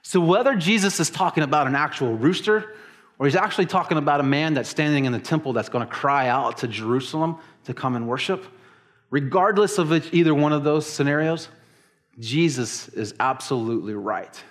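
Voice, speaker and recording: A man preaching to his congregation, telling the story with lively emphasis and acting out quoted lines. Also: a little high, fairly quick. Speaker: pastor. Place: church service in a large hall.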